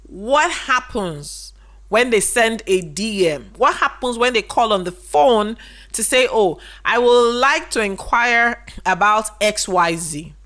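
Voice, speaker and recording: Speaking slowly with lively intonation, this woman's voice runs on the high side and sounds fairly bright. She's a business educator teaching casually to camera, posing rhetorical questions and hammering key points through repetition.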